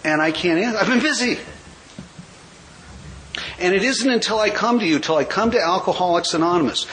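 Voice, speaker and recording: A man in his sixties from California tells his recovery story in a high voice. His delivery is wry, with quick jokes. A faint hiss sits under the talk. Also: fairly bright tone, low-quality recording. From California, USA. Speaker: AA speaker. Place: convention hall.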